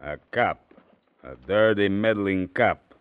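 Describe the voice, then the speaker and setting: Surly ex-crook cook, sneering, smooth low voice, tinny old radio sound, dry. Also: male voice, lively intonation, takes it slowly, no echo. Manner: sneering, hostile. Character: surly male cook with a criminal past. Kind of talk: 1940s radio acting.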